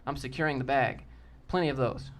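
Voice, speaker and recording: A man with a mid-range, brisk, creaky voice answers live-stream chat casually, in a blunt, joking, brash way. He speaks into a desk mic with a sock over it.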